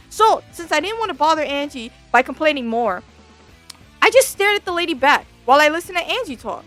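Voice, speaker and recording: High-pitched girl ranting about her bad day, swears a lot, soft music behind. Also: a little fast. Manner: profane, exasperated, animated. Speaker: vtuber storyteller. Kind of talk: casual storytime rant. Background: faint background music.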